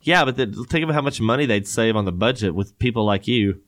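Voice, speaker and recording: A man's voice: lowish voice, lively intonation, fairly quick, fairly bright tone. A man hosting a podcast in casual chat, rambling and joking with lots of fillers. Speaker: podcast host.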